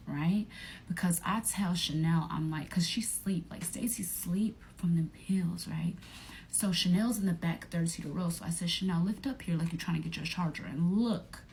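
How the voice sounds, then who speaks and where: Young woman, storytime vlog, animated, profane, faint noise behind. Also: fairly low pitch, normal speed, gravelly. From Atlanta area, United States. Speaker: vlogger telling a story.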